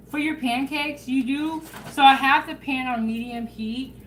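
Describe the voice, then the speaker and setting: A woman hosting a casual home cooking vlog, chatting in a relaxed way and talking straight to her viewers. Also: high-pitched, slow pace, slight background noise, poor audio. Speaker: home cooking show host. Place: home kitchen.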